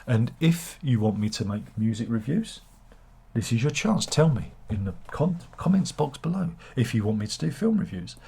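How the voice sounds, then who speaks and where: A man with a husky voice, talking to camera in a rambling, sardonic and self-deprecating way, often restarting his sentences. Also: mid-range voice, big pitch swings, moderate pace, dark tone. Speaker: YouTuber.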